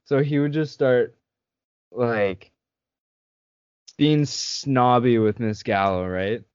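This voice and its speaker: A man's voice: medium pitch, slow pace, a little mellow, clean tone, no echo. A young man hosting a podcast, telling a school story in casual chat and laughing often. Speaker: podcast host. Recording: slightly dull dry sound.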